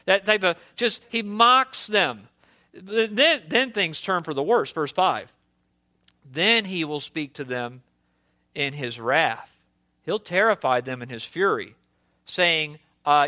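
A man's voice: high voice, lively intonation, measured pace, sharp tone. A man preaching a sermon as pastor, impassioned and full of rhetorical questions.

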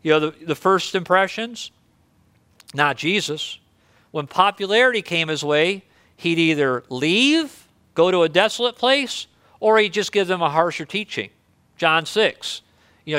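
A man's voice: high voice, lively intonation, a little slow, bright, forceful tone, smooth, dry recording. A man preaching a sermon in a conversational, earnest way, reading scripture and explaining it. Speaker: pastor.

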